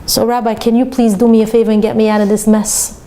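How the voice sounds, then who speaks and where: A woman's voice: on the high side, level tone, fast talker, warm tone, close to an everyday voice. A woman voicing a nervous young soldier pleading anxiously for help.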